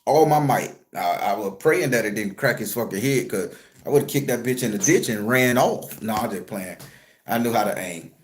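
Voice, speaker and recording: A man who works as a spiritual reader, telling a story to his viewers in an animated, profane, conversational way. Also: lowish voice, moderate pace, slight background noise. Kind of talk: storytelling vlog.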